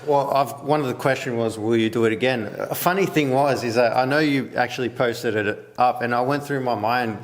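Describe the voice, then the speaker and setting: Rambling Australian podcast host. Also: male voice, mid-range voice, a little fast, hardly any pauses. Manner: rambling, hesitant, many fillers. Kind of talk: casual podcast chat.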